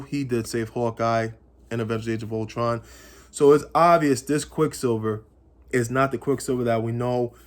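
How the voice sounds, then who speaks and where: A man's voice: medium pitch, a little mellow. Rambling man recapping a TV episode. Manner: rambling, speculative, repeats phrases. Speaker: comics channel host. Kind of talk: casual episode recap and theorizing.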